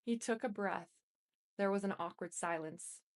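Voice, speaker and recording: A woman with a gravelly, creaky voice reads a memoir aloud in first person. Her telling is blunt and bitter, at a middle pitch. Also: moderate pace. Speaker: memoir reader. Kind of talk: audiobook narration.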